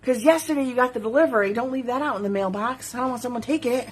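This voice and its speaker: A woman's voice: a little high, racing, breathy edge. A woman who makes jewelry, hosting a casual live sales stream from her studio. She chats, giggles and reads viewer comments aloud. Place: home studio.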